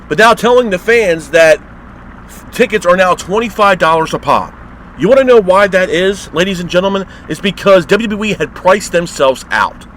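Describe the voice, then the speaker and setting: A man's voice: mid-range voice, a bit bright, slight background noise, low-quality recording. A man hosting a wrestling review show, ranting in a heated, exasperated way and swearing constantly.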